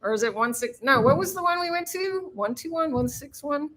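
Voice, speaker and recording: A woman's voice: high voice, lively intonation, fairly quick, a bit bright. A woman hosting a casual live stream, chatting with viewers and laughing, who swears freely.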